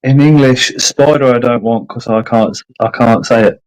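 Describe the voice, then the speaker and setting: A man hosting a casual livestream chat from his phone, stumbling and repeating words as he slowly sounds out tricky Latin names. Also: medium pitch, a little mellow, smooth, low-quality recording. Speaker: livestream host. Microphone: phone on a video call.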